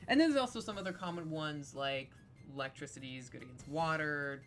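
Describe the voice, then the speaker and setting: A woman's voice: sits low, expressive, a little fast, a bit bright, soft background music. A woman hosting a Let's Play, chatting and joking through video game commentary with a sarcastic streak.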